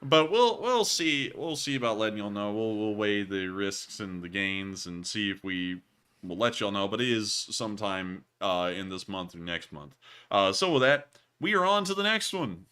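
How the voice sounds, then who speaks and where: This war news show co-host, a Southern-accented man in his twenties, answers viewer super chats in casual livestream banter. He has a lowish, clean-toned voice, and he's excitable, jokey, and laughs frequently.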